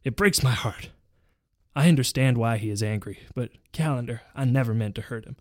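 A man's voice: mid-range voice, fairly quick, darkish tone, no echo, clean studio sound, natural voice. A man voicing a passionate, brooding horseman from a romance story, in an earnest, hammy way.

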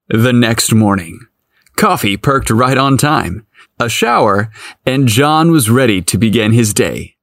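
Slow, expressive male storyteller. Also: medium pitch, no echo, clean studio sound. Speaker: narrator. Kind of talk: audiobook narration.

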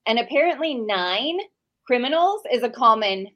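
A woman's voice: fairly high pitch, expressive, moderate pace, dull audio. A woman co-hosting a casual podcast, chatting and wandering into side notes. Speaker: podcast co-host.

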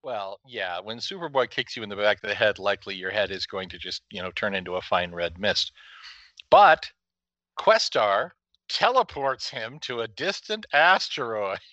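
Bright-voiced man explaining comics lore. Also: fairly low pitch, normal speed, no echo, muffled recording. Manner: explanatory, trivia-minded, laughs easily. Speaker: podcast co-host. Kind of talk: casual comic-book chat.

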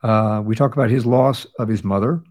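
A man's voice: on the low side, brisk, darkish tone. A man hosting a podcast, recapping past episodes in a casual chat with fillers and restarts, sounding tired. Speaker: podcast host.

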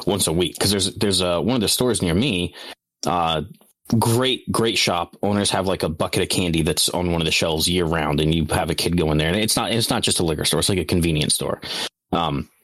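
A young man with a very low voice tells rambling, profane stories in casual podcast chat. He laughs often and restarts his sentences. The recording is dry and close. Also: normal speed, fairly bright tone, no room sound. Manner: rambling, swearing storyteller who laughs a lot. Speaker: podcast co-host.

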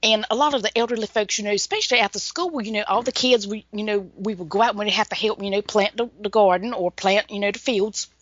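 A woman's voice: medium pitch, fast, few pauses, fairly bright tone, no room sound. A woman author with a Southern North Carolina accent, chatting in an interview in a folksy, rambling way and laughing often. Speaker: author, guest. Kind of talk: casual interview chat. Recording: dull lo-fi dry recording.

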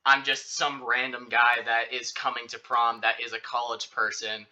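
A young man chats casually, spinning out a personal story with constant fillers and restarts. His voice is very bright and edged, and he jumps up in pitch when acting out what he said back then. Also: moderate pace. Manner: rambling, filler-heavy, animated retelling. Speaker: podcast host telling a story.

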